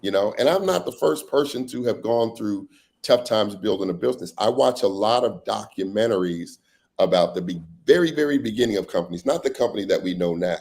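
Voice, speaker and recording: A man on a casual panel, an app founder telling lively stories and acting out the people in them. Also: fairly low pitch, a little fast, creaky. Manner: animated storyteller acting out quoted voices. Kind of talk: casual panel conversation, storytelling. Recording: online live panel.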